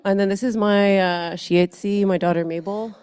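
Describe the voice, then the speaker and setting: A woman speaking softly and hesitantly to a public meeting as she introduces her family. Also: mid-range voice, fairly even intonation, moderate pace, clear, resonant tone, in a large hall. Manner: soft-spoken, hesitant. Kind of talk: short remarks at a public meeting. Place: meeting room.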